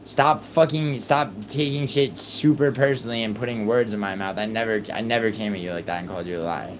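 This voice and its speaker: A young man hosting a livestream, arguing heatedly with his chat, exasperated and swearing in rapid outbursts. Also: fairly low pitch, noisy background. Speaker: livestream host.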